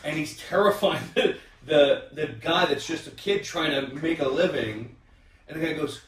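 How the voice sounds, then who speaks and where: A man tells stories in a loose, animated way, stopping to restart and filling gaps with ums. He sits some distance from the mic in a room that echoes. He hosts a casual round-table chat. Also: fairly high pitch, normal speed, slight background noise. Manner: animated storyteller with many restarts and fillers. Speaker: podcast host.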